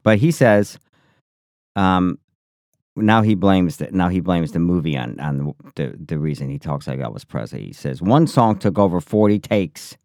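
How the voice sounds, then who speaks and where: A man co-hosting a casual podcast, with a very low voice and a tight, dry studio sound. He is opinionated and sarcastic and teases his co-host freely. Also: moderate pace, darkish tone, no room sound. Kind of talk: casual banter.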